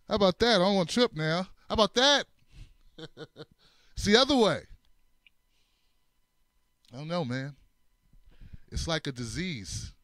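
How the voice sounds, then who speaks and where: A man hosting a comedic political commentary show, with a fairly high voice and an unhurried delivery. He is animated, repeats his lines for effect, and laughs often. The sound is dry and close. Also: no echo. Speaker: host.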